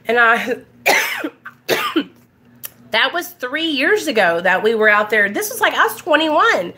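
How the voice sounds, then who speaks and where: With a high voice that swings hugely in pitch, this twenty-something vlogger tells candid stories to camera at home, slowly and with frequent pauses. Her tone is sharp and slightly rough; she laughs often, says "like" constantly, and coughs now and then.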